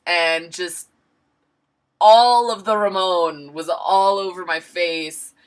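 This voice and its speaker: A young woman vlogger tells an embarrassing personal story with candid, self-mocking humor, acting out her own lines as she goes. Her voice is on the low side and a bit bright, and the talk is casual storytelling.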